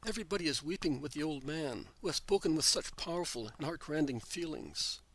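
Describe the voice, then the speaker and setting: Man, earnest measured narrator for a devotional reading; slightly higher voice, dry. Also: expressive, fairly bright tone, no echo. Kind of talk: scripted narration of a religious text.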